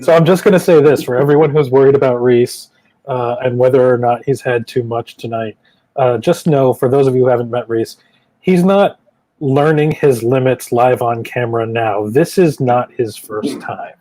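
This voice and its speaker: A man's voice: mid-range voice, steady tone, normal speed, warm tone, rough recording. A man competing as a comedian on a live debate show, making dry quips. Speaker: comedian contestant. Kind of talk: comedic banter.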